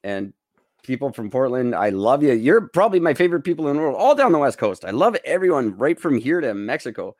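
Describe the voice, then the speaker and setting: Canadian male co-host, animated sarcastic delivery, dry close mic. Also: medium pitch, brisk, dry recording. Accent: Canadian English. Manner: joking, sarcastic, playful swearing. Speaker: podcast co-host. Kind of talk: casual chat.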